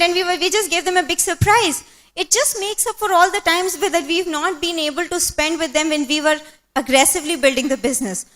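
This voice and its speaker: A woman's voice: extremely high pitch, fairly bright tone. A woman giving an earnest testimonial on stage, chatty and full of fillers. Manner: earnest, conversational, many fillers. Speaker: business speaker.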